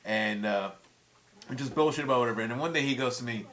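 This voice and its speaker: A man's voice: medium pitch, fast, a bit bright. A man in his forties, a guest musician in a casual chat, telling stories with heated, profane language. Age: 40s.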